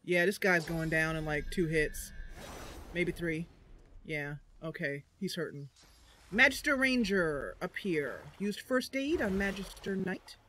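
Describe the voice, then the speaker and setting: A woman's voice: on the low side, a little slow, pushed and bright, a little hiss or hum. A woman streaming a roleplay game, chatting casually and laughing often.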